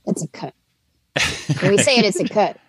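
A woman's voice: mid-range voice, very animated, normal speed, slightly rough, no room sound. A woman with a Southern US accent, co-hosting a podcast in casual, laughing chat. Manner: chatty, laughing, self-deprecating. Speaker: podcast co-host.

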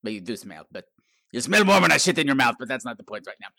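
A man's voice: mid-range voice, sing-song, quick pace, gravelly, sharp tone, no echo, studio quality, voice pushed down, exaggerated voice. A man voicing a crude, insulting male gargoyle who introduces the show with mock grandeur. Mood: scornful. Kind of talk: comic character intro.

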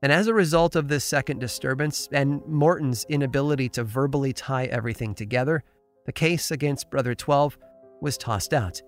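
A man hosting a podcast, narrating a strange historical tale in a measured storytelling voice with dramatic pauses. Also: medium pitch, faint music behind. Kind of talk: scripted narration.

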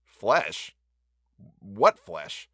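A man doing a prim, demanding country gentleman. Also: fairly low pitch, very animated, no room sound, clean studio sound, heavily acted. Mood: demanding, puzzled. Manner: brisk, demanding, authoritative. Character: prim, fussy gentleman landowner.

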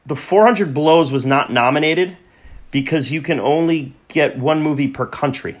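A man's voice: on the high side, normal speed. A man hosting a casual film podcast, rambling and repeating words as he runs through a list of old movies, tripping over foreign titles. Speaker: podcast host.

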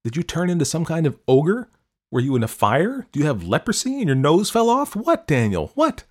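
A man's voice: lively intonation, a little fast, mellow, natural voice. A man voicing an older woman who fires accusing questions at a man who lied to her. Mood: angry accusing. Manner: pleading then accusing, rising higher as she gets upset. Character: older woman, angry, hurt and suspicious.

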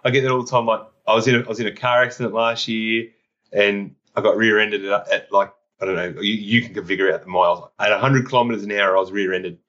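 A man with an Australian accent, a podcast host telling stories in animated casual chat, laughing often. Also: on the low side, fast talker. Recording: dull lo-fi sound.

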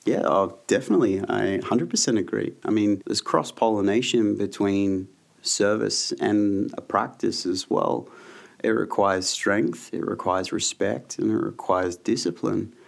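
A man's voice: fairly low pitch, unhurried, vocal fry. A man, a yoga teacher speaking as an interview guest, frank and laid-back as he tells stories. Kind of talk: casual interview chat.

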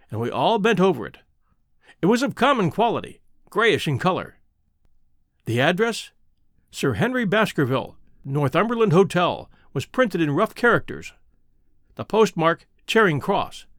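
A man reading a classic mystery aloud in a measured, expressive narration, in a dry close recording. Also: a little high, no echo. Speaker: audiobook reader. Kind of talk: scripted narration.

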